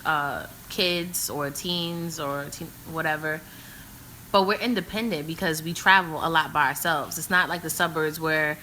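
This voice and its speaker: A woman's voice: sits low, a little slow, bright, forceful tone, slight background noise, poor audio. A young woman from New City, telling stories in a casual, matter-of-fact chat. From New York City. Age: young adult. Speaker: co-host guest.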